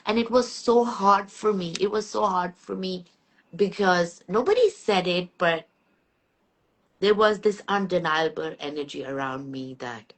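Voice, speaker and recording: A woman's voice: on the low side, measured pace. A middle-aged woman hosting a podcast, telling a personal story candidly and earnestly in a reflective, conversational way. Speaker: podcast host.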